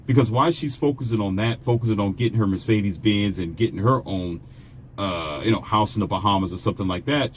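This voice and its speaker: A man's voice: fairly low pitch, a little hiss or hum. A man from the United States, a vlogger telling a personal story in a chatty, conversational way with asides to the viewer. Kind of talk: casual storytelling monologue.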